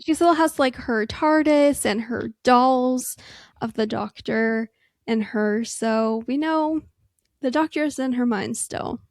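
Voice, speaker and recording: An enthusiastic young woman chats casually as a podcast co-host in a fairly high voice. The sound is dry and close, with no room around it. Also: takes it slowly, darkish tone, no room sound. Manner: agreeable, enthusiastic, uses like often. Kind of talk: casual chat.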